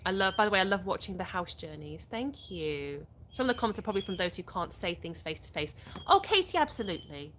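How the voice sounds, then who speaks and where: A woman's voice: on the low side, fast talker, hardly any pauses, fairly bright tone, a little hiss or hum. A woman, hosting a live stream outdoors, reading viewers' comments aloud and answering them chattily. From England. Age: 30s. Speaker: livestream host.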